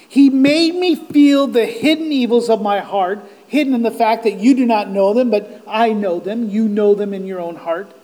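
A man preaching a sermon, impassioned, swelling to near-shouts on quoted cries of despair. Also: very high-pitched, rough recording.

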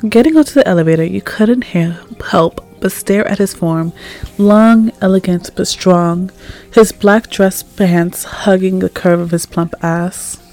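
A woman reading second-person fanfiction aloud in a soft, calm voice that sometimes drops near a whisper. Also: mid-range voice, unhurried, faint music behind. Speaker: fanfic reader.

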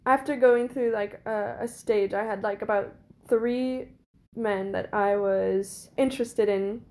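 A woman's voice: mid-range voice, fairly even intonation, a little slow, a little mellow. A woman in her twenties, a podcast guest telling a personal story in a chatty way, peppering it with "like" and bursts of laughter. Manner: chatty, frequent "like" fillers and laughter. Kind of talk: casual storytelling.

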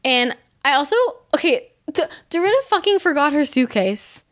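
A woman casually recapping a reality show, animated and exasperated, swearing freely and saying "like" constantly. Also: high-pitched, moderate pace. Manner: animated, swearing, heavy use of "like"; exasperated, sarcastic commentary. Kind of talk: casual chat.

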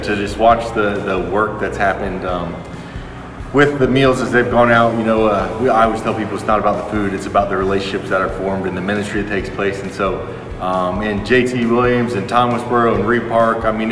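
A man's voice: fairly low pitch, fairly even intonation, a little fast, fairly bright tone, reverberant, long reverb tail, recorded from a distance, a little hiss or hum. A man speaking sincerely and hesitantly about a meals ministry, with many fillers. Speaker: ministry worker.

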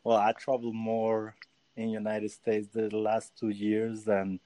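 Slow, hesitant man searching for words. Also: on the low side, completely flat delivery, dark tone, dry recording. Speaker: sports photographer guest. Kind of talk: casual interview chat.

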